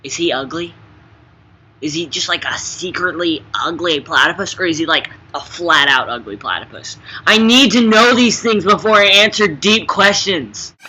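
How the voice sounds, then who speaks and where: A young man answering fun interview questions in a playful, jokey way, swinging between quiet asides and loud bursts. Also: on the high side, lively intonation, normal speed, husky. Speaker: interviewee, actor. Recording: slightly dull sound with faint background noise.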